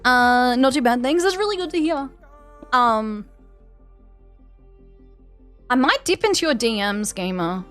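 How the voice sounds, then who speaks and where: An Australian woman streams a game and chats loosely with her audience, her voice sitting a little high. She rambles, doubles back and fills the gaps with "um" and "like," with faint music playing behind her. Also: animated, unhurried, pauses often, fairly bright tone. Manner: chatty, rambling, many fillers and restarts. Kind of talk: casual chat with live viewers.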